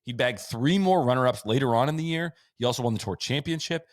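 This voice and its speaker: A man hosting a podcast in casual chat, rattling off lists of stats with quick asides. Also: mid-range voice, dry recording, clean studio sound. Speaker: podcast host. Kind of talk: casual chat recapping a sports season.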